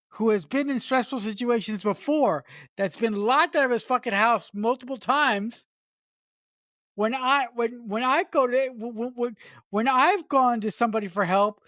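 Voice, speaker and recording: A woman's voice: on the high side, fairly bright tone, dry recording, clean studio sound. A woman co-hosting a podcast, talking about a film in casual chat, swearing emphatically and stumbling over restarts when worked up. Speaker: podcast co-host.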